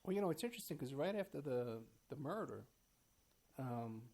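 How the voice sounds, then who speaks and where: A man's voice: medium pitch, lively intonation, normal speed, darkish tone. A man who is a guest in a casual conversation, agreeing often and laying out details with hesitant fillers.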